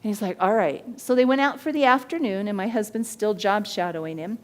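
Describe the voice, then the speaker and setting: A woman hosting a body language show, teaching in an energetic way and acting out the people in her stories. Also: mid-range voice, quick pace. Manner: animated storyteller who acts out quoted voices.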